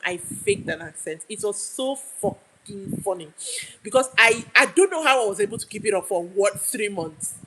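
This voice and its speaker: A woman's voice: medium pitch, fairly bright tone, slight background noise, poor audio. Chatty Nigerian woman telling stories. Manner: chatty, laughing, rambling with restarts. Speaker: YouTube live streamer. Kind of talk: casual livestream storytelling.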